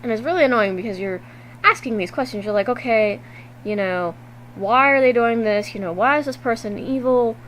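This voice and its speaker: A woman vlogging to her webcam at home, recapping a video game in a loose, animated way and swearing freely. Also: a little high, moderate pace, a little hiss or hum, low-quality recording. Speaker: gaming vlogger. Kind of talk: casual game recap to camera.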